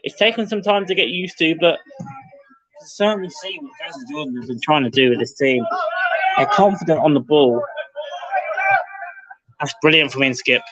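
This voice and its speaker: A man's voice: a little high, normal speed, pauses often, fairly bright tone. A man doing live play-by-play football commentary for a club stream, calling out player names and lifting his voice with the action. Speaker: match commentator for the club's livestream. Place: outdoor football ground under floodlights. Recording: dull lo-fi livestream audio.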